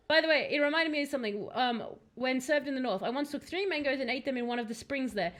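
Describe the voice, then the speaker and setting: Excitable bright-voiced young woman streamer. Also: high voice, moderate pace. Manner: excitable, jokey, talks to game companions. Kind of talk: casual live gameplay commentary.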